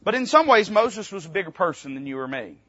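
A man preaching a sermon from the pulpit, reading scripture aloud and retelling it plainly, swinging from loud emphatic peaks to quiet low passages. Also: big pitch swings, fast talker, dry recording, lo-fi sound. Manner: reads scripture aloud in King James wording, then retells it plainly. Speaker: pastor. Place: church sanctuary.

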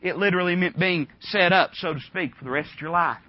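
Folksy preacher man, higher voice. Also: fast, no room sound. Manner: folksy and conversational, many rhetorical questions. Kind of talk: sermon. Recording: dull dry recording.

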